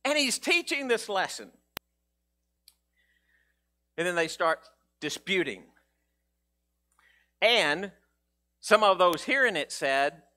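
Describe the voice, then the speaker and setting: A man preaching a conversational, animated sermon as pastor, often restarting his sentences and acting out quotes. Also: sits high, slow, pauses often.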